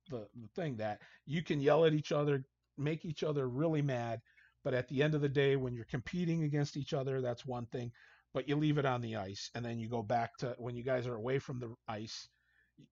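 A man's voice: mid-range voice, gravelly, no echo. A man, a hockey coach guest, telling casual anecdotes and acting out what people said. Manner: animated storyteller, acts out quotes. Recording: dull, dry lo-fi sound.

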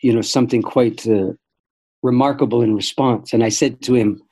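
An older man, a guest in an interview, telling stories in a thoughtful, measured way and often restarting his sentences. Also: medium pitch, steady tone, warm tone, poor audio. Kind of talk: reflective storytelling conversation.

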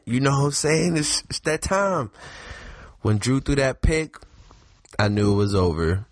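A man co-hosting a casual sports chat, animated and excitable, his voice climbing high when worked up. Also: moderate pace, dry recording. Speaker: podcast co-host.

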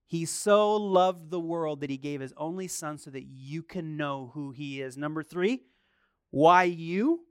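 A middle-aged man preaches with a slightly high, crisp and resonant voice. The sound is dry and close. He shifts between chatty, halting asides and emphatic, rising calls to the congregation. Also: no room sound. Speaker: pastor. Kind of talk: sermon.

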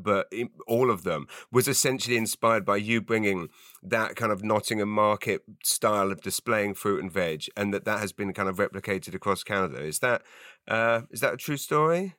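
Male podcast host, eager, stumbles over repeats, bright voice, dry close sound. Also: on the low side, dry recording. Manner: enthusiastic, repeats words, laughs often. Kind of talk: interview questions.

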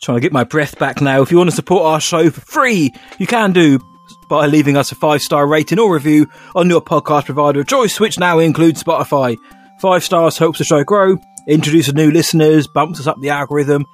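A man's voice: a little high, brisk, soft background music. A man co-hosting a casual podcast, playful and chatty as he reads the show's plugs. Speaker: podcast co-host.

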